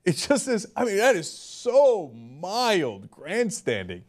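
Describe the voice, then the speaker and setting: A man's voice: high voice, wildly swooping pitch, slow pace. A man hosting casual political commentary, sarcastic and often laughing as he mocks what he quotes. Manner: sarcastic, laughing, mocking impressions.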